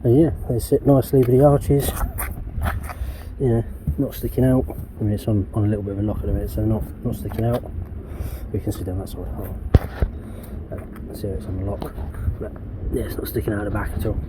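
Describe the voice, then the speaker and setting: A man's voice: lowish voice, fairly even intonation, fast talker, noisy background. An English man vlogging casually while working on his van outdoors, rambling and swearing often in a laid-back way. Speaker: DIY van customizer vlogger.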